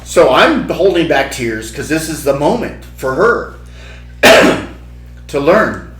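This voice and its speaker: A middle-aged man, a podcast host, telling a family story casually and acting out the voices he quotes. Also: takes it slowly. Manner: animated, acts out quotes in a high child voice. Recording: echoey room with faint music.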